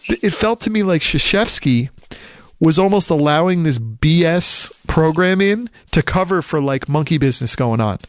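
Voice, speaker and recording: A man from the Philadelphia area chatting casually about college basketball, rambling and animated, often acting out quotes. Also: fairly high pitch, moderate pace, smooth, dry recording, studio quality. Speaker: podcast co-host. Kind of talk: casual sports chat.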